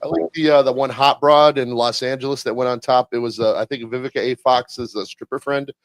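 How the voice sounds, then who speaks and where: A man co-hosting a casual movie podcast, rambling and halting with fillers and crude jokes. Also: medium pitch, steady tone, no echo. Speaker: podcast co-host. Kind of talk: casual chat about movies.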